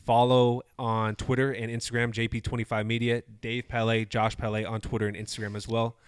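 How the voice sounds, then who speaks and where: A man's voice: mid-range voice, level tone, brisk, smooth, no echo. A man co-hosting a casual chat show, laughing along with short agreeing replies and reading the sign-off. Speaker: podcast co-host.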